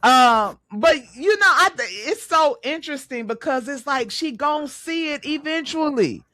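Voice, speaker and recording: Lively bright-voiced woman in her thirties. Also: high-pitched, measured pace. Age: 30s. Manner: animated, laughs a lot, talks with repeated filler phrases. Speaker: podcast host. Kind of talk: casual chat.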